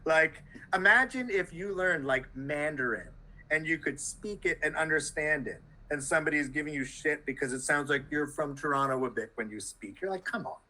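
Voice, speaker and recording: A man talking as a guest on a conversational podcast, animated and full of quick asides. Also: fairly high pitch, rough recording. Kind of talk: casual conversation.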